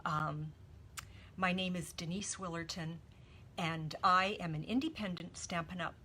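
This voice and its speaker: Canadian lady doing a stamping live stream, slow and kinda emotional, lowish voice, faint hum behind. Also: bright, forceful tone. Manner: heartfelt, chatty, greets viewers by name. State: emotional, teary. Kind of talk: casual live-stream craft demo. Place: home craft studio.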